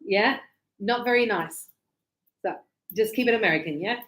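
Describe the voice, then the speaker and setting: A woman's voice: mid-range voice, moderate pace, a bit bright. A woman with an Australian accent teaching English, explaining phrases in a chatty way with acted examples. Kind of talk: online language lesson. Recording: echoey room.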